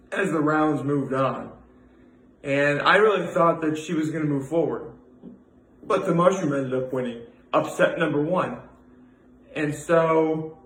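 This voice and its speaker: A man's voice: fairly high pitch, a bit bright, roomy sound, rough recording. A young man rambling through a casual daily vlog, full of fillers and restarts. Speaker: vlogger.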